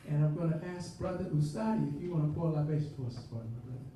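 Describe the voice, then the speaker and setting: A man's voice: fairly high pitch, rapid-fire, dark tone, slight background noise. A man hosting a church service, giving friendly, informal announcements. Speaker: service host. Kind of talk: conversational church welcome. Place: church hall during a live service. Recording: distant echoey room, phone-like sound, organ behind.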